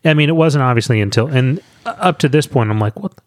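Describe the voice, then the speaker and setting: A man's voice: mid-range voice, animated, fairly quick, dry recording, studio quality. A man co-hosting a podcast, joking casually about a book, swearing and acting out silly voices as he retells scenes. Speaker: podcast co-host.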